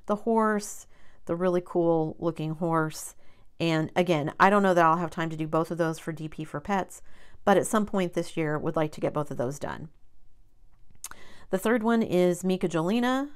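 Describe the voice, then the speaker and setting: A woman's voice: fairly low pitch, normal speed, smooth. A woman hosting her own crafting channel, talking in a rambling, chatty way with many ums and self-corrections. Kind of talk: casual chat.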